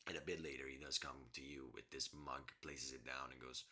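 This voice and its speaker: A man narrating a tabletop game as game master, relaxed and hesitant with many restarts. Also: a bass voice, fairly quick, breathy edge.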